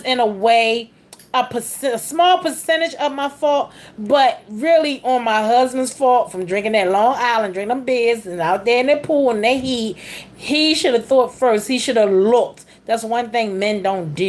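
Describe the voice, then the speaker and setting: A middle-aged woman telling a rambling story casually, with big jumps in pitch. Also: a little hiss or hum. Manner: animated, with big pitch jumps on quoted speech; rambling, with frequent fillers and restarts. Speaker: vlogger.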